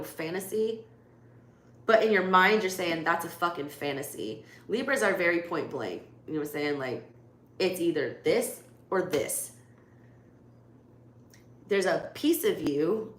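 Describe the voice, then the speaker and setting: Woman, Southern US accent, tarot reader, low voice, echoey room with faint noise. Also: a bit bright. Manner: blunt, swears freely, lots of "like" fillers. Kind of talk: live tarot reading, casual chat.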